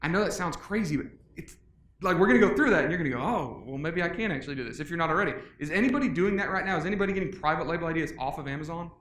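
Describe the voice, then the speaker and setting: A middle-aged man giving a casual, energetic conference talk, joking with the audience. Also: fairly high pitch, rapid-fire. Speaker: conference speaker. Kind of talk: live presentation. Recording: echoey conference room.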